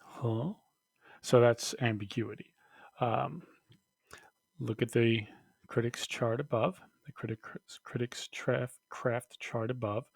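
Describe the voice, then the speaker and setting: A man teaching a recorded lesson, talking slowly with many fillers and restarts. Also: medium pitch, steady tone, vocal fry, dry recording.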